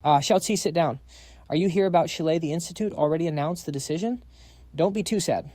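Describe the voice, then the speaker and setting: A man's voice: fairly high pitch, quick pace, mellow, no echo, lightly acted. A man voicing a stern older institute director who scolds his researcher.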